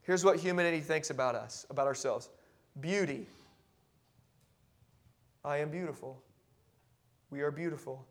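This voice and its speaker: Male pastor, high voice, impassioned sermon; quiet musing to loud emphatic preaching. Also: normal speed, pauses often. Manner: repeats and restarts words when carried along.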